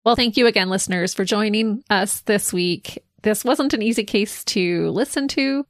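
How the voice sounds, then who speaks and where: A woman co-hosting a casual podcast, chatty and quick to laugh. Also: mid-range voice, dry recording, studio quality. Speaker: podcast co-host.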